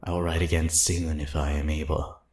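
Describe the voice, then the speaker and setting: A man's voice: a bass voice, level tone, darkish tone. A man voicing a doomed frightened monk, echoey. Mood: fearful solemn. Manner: solemn, slow and fearful. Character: terrified male monk writing his last journal entry. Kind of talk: dramatic story reading.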